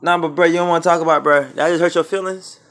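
A man's voice: fairly high pitch, steady tone, racing, fairly bright tone. A man at home filming on his phone, pleading in a mock-sincere, slangy way as he apologizes to his pet. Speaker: vlogger talking to his pet.

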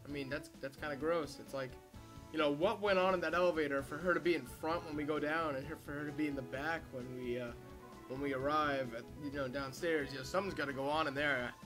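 A man's voice: on the high side, steady tone, quick pace. A young man giving casual, rambling let's play commentary with crude jokes. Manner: rambling, joking, crude asides. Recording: game music loud underneath.

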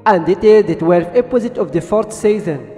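A man hosts a channel and retells a cartoon in simple, broken English. His voice sits very high and moves around a lot. The room gives a long echo, with faint music under him. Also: animated, moderate pace, mellow. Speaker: channel host and narrator. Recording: echoey room with background music.

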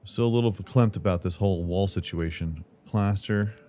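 A man's voice: sits low, fairly quick, warm tone. A man casually commentating while he plays a house-building game, joking with himself and calling out what he builds. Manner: playful, talks to himself, jokey asides like "brother". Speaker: gaming channel host. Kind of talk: casual let's-play commentary.

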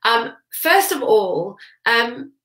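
A woman's voice: on the high side, sing-song, extremely slow, bright, forceful tone. A woman with a head cold and a nasal voice gives a chatty teaching talk on social media for business, full of "um" fillers. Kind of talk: casual teaching talk to camera. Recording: roomy echo.

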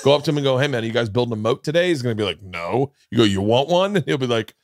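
A man hosting a podcast, telling comic stories in a casual, animated way and acting out quoted lines with big jumps in pitch. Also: racing, no room sound, studio quality. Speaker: podcast host. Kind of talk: casual comedic storytelling.

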